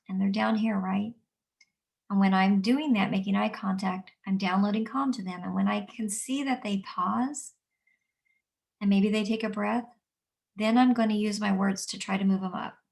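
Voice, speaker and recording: A woman teaching adults about guiding upset children, explaining calmly and repeating her key points. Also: mid-range voice, normal speed, gravelly. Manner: calm, repetitive, explanatory. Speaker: early childhood trainer. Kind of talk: instructional talk.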